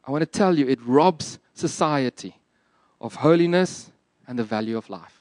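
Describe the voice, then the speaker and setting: A man's voice: mid-range voice, expressive, normal speed, a little mellow, no echo. A man preaching a sermon in an earnest, emphatic and plain-spoken way. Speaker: pastor.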